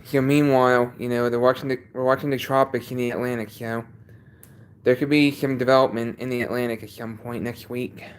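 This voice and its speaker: This livestream host speaks from his basement in a level, mid-range voice that comes through clean. He chats casually but sounds stuffed up, halting often and repeating each sentence.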